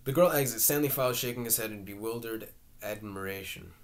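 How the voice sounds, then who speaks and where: A man's voice: fairly low pitch, a little fast. Man reading a play aloud. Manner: reads character names and stage directions plainly.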